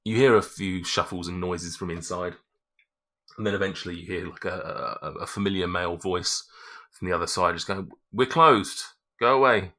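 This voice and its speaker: A man's voice: deep voice, steady tone, fairly quick, a bit bright. A man narrating as game master of a tabletop game, rambling, with many fillers. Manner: rambling, full of 'like' and 'um'.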